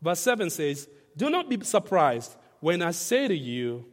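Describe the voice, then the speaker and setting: A man's voice: fairly high pitch, big pitch swings, unhurried. A man preaching a sermon to a congregation, emphatic and repetitive, leaning on key phrases and inviting the listeners to read along. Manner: emphatic, repeats phrases, varies loudness for stress. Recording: reverberant hall.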